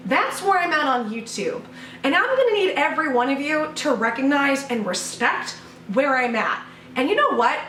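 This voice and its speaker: A woman's voice: a little high, fairly bright tone, echoey room, recorded from a distance, slight background noise. A woman YouTuber doing a sarcastic, mock-outraged vlog rant, full of swearing, recorded at home. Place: home room.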